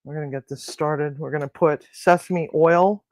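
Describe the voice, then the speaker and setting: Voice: medium pitch, steady tone, normal speed, heavy background noise. A host chatting casually on a live cooking stream, talking to viewers and grumbling to themself while cooking in a home kitchen.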